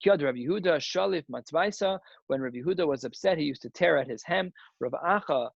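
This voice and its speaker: Rabbi guy explaining talmud, gravelly voice, dry muffled sound, keeps asking questions. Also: on the high side, animated, brisk, no echo. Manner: emphatic, thinks aloud with rhetorical questions. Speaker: rabbi teaching a daily Talmud page. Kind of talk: lively Talmud lesson.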